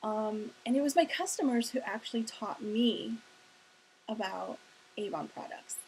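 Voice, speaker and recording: A woman's voice: on the high side, measured pace, poor audio. Chatty woman telling her story. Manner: chatty, laughing, acts out quotes. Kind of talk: casual personal storytelling. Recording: faint hiss.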